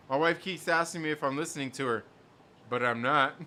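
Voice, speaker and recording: A man's voice: on the high side, very animated, normal speed, sharp tone. A man hosting a casual live stream, reading chat messages aloud and riffing on them. He rambles, repeats himself and laughs often.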